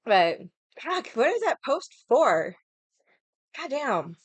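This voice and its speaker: A woman's voice: sits high, big pitch swings, slow, breathy edge, no room sound. A young woman chatting casually with viewers on a livestream, rambling, swearing freely and laughing often. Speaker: livestream vlogger.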